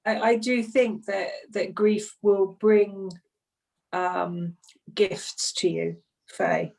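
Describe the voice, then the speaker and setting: A woman who runs a grief support group, speaking gently and reflectively in an online group discussion. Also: medium pitch, steady tone, very slow, gravelly. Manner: gentle, reflective, laughs softly between thoughts. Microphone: video call. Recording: distant video call mic.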